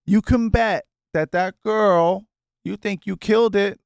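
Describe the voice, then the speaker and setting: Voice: medium pitch, fairly even intonation, unhurried, gravelly, clear, resonant tone, no echo, studio quality. A podcast co-host giving blunt, mocking, crude advice in casual chat.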